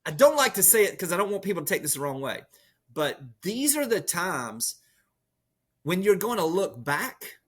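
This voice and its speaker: A man, a podcast guest, speaking as an energetic motivational storyteller who leans on metaphors. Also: sits high, normal speed, slightly rough. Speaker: podcast guest, real estate leader. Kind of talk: motivational conversation.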